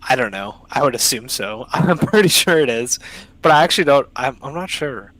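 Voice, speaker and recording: Speaking at a moderate pace with lively intonation, a young man hosts a laid-back podcast conversation over an online call. His mid-range voice is a bit bright, and he's excitable and slangy, frequently stopping himself partway through sentences. The recording quality is rough.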